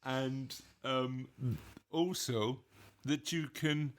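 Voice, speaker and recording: A man's voice: mid-range voice, fairly even intonation, drawn-out words. A man hosting a casual podcast with his daughter, reading out listener answers in a jokey, rambling way and laughing at them. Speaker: podcast host; father of co-host.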